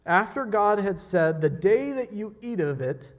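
A man impersonating a stern older male preacher, delivering a quote in a loud, indignant yell. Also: sits high, lively intonation, a little slow, voice pushed up. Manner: yelling, rising indignation.

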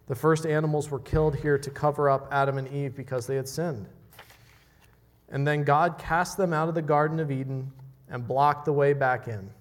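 A man preaching a sermon in a conversational way, often repeating words as he restarts. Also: medium pitch.

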